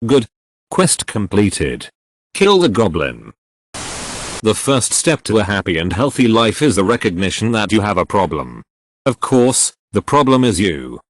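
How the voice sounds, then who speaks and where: A man reading funny text-adventure stories aloud with deadpan punchline delivery. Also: on the low side, normal speed, no room sound. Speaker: narrator.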